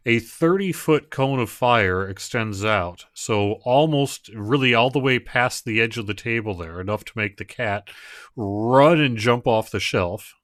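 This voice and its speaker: A man narrating as game master of an online tabletop game, in a relaxed, halting way. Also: medium pitch, no room sound, clean studio sound. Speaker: dungeon master.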